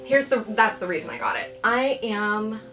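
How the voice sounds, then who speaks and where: A young woman vlogging about books in a relaxed, meandering chat, playful and quick to poke fun at herself. Faint music plays underneath. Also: a little high. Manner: playful, rambling and self-deprecating. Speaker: book vlogger. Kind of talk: casual chatty reading vlog.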